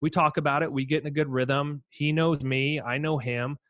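A middle-aged man, a former pitcher, co-hosting a podcast, telling an animated anecdote in casual chat. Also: moderate pace, dry recording. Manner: animated anecdote teller, quotes others.

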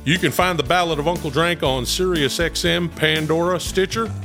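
A man's voice: on the high side, steady tone, normal speed, a bit bright. A man voicing a folksy male country singer character in a podcast ad, with a drawling manner and music behind him. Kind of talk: ad read in character.

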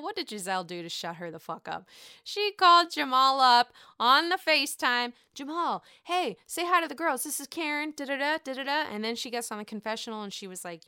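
A woman's voice: high-pitched, pushed and bright, clear, resonant tone, no room sound, clean studio sound. A woman hosting a casual reality TV recap, chatty and profane with sassy asides.

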